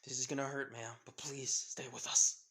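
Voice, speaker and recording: A man's voice: medium pitch, little pitch movement, normal speed, sharp tone. A man doing a blunt fire-wielding hero. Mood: firm. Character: firm male hero with a fire power.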